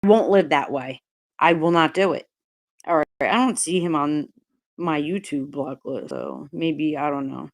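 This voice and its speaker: A woman's voice: sits low, sing-song, a little slow. A woman live-streaming a heated, profane rant, talking bluntly and breaking off to greet chat viewers by name. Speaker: livestreamer.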